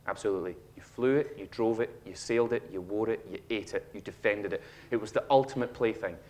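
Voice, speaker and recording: Lively Scottish man giving a stage talk. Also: lowish voice, quick pace. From Scotland. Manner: animated storytelling, acts out a child's lines. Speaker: speaker. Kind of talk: humorous motivational talk. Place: auditorium stage.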